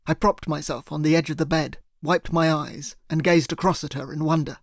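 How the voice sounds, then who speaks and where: A man narrating a first-person thriller audiobook in a steady, earnest way. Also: fairly high pitch, normal speed, gravelly, few pauses, no room sound, clean studio sound.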